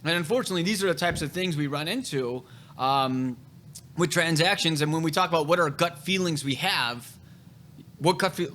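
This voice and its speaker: A man's voice: on the high side, moderate pace, bright, forceful tone, slight background noise. A man hosting a casual podcast chat, telling real estate stories in a blunt, profane way.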